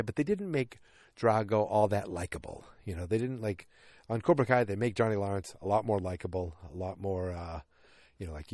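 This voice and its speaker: A man's voice: lowish voice, a little mellow, no room sound, clean studio sound. A man hosting a casual movie podcast, rambling through the plot with joking asides and frequent self-corrections. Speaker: podcast host.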